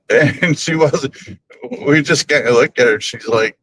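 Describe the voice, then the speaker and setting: A man's voice: medium pitch, measured pace, background noise. A man hosting a paranormal group's live stream, chatting casually from his car on the way to work, rambling and chuckling often. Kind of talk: casual live-stream chat while driving.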